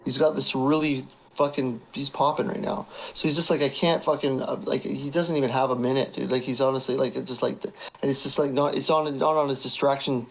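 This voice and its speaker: A man's voice: medium pitch, level tone, a little fast, hardly any pauses, poor audio. A man hosting a casual livestream chat, rambling and swearing freely, often breaking into laughter. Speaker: livestream host.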